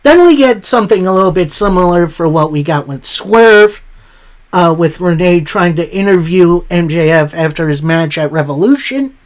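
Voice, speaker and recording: A man hosting a casual wrestling recap. He speaks at an unhurried pace and retells the show's promos in his own words. He reacts openly with surprise. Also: sits high. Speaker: wrestling show recap host.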